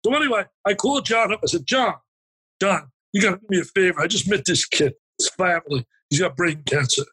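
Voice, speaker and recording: A male motivational speaker appears as an interview guest, telling an emotional story in a high, husky voice at a brisk clip. He's animated and emphatic, acting out the dialogue as he goes, on a low-quality recording.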